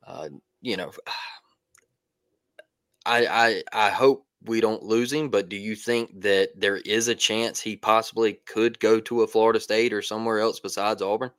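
A man's voice: fairly low pitch, fairly even intonation, moderate pace, fairly bright tone, smooth, no room sound. A man co-hosting a sports podcast, asking a question in a hesitant, worried way. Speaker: podcast co-host. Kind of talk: podcast interview.

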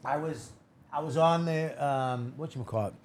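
A man from Boston, a guest comedian, telling a profane, animated story on a casual podcast and acting out the quotes. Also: on the high side, moderate pace.

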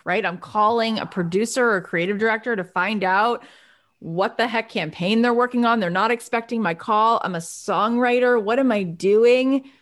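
A middle-aged woman, a songwriter and teacher, giving a motivational talk with animated storytelling. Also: medium pitch, normal speed. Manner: animated storytelling, acting out past phone calls.

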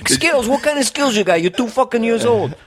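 A comedian voicing a brash New York father calling his children on the phone, loud and swearing. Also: fairly high pitch, expressive, fast talker, a crowd in the background, pitched above the performer's own voice, natural voice. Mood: boisterous. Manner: boisterous, swearing.

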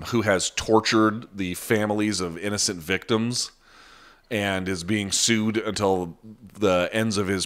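Brief: low-voiced male live-chat host, blunt and profane, unscripted. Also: fairly bright tone. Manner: blunt, profane, talks off the cuff. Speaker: live chat host answering viewer questions. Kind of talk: casual live-stream chat.

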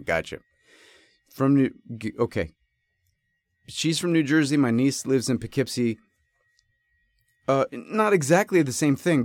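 A man's voice: fairly high pitch, no room sound, studio quality. A man hosting a podcast, telling a rambling story in a casual way, often correcting himself as he goes. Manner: rambling, self-correcting, animated. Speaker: podcast host.

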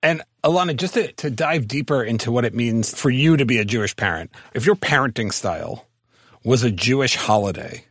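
A man's voice: mid-range voice, lively intonation, brisk, fairly bright tone, breathy edge, dry recording, studio quality. A man co-hosting a podcast with a playful, enthusiastic, joking manner. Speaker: podcast co-host. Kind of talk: conversational podcast interview.

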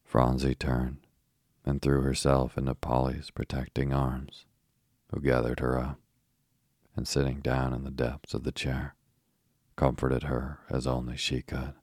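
A man reads a storybook aloud in a very deep, husky voice. He keeps it flat and steady, with almost no rise and fall. The sound is close and dry. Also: unhurried, no room sound. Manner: steady, even reading with little rise and fall. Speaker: audiobook narrator. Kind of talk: scripted storybook narration.

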